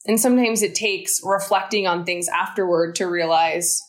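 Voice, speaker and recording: A woman's voice: mid-range voice, little pitch movement, moderate pace, few pauses. A woman in her thirties, a guest on an interview podcast, talking in a reflective, conversational way. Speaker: guest, founder of a mental fitness studio. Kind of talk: casual interview talk.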